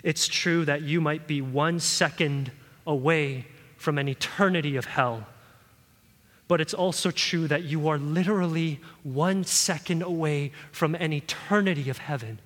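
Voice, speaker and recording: A man preaching a sermon in a church hall, earnest and pleading, his voice swelling louder at key points. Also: fairly high pitch, unhurried. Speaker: pastor.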